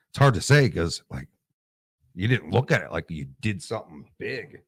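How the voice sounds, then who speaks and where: Low-voiced man, teary and emotional. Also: sing-song, normal speed, a bit bright, husky, no room sound, clean studio sound. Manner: emotional, swearing, trailing restarts. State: tearing up. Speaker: Marine veteran guest. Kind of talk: casual interview storytelling.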